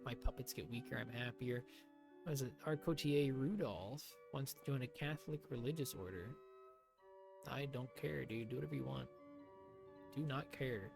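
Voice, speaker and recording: Guy streaming a strategy game, sarcastic, mutters then yells, faint music behind. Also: mid-range voice, normal speed, creaky. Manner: sarcastic, swings from mutters to shouts. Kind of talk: live gameplay commentary.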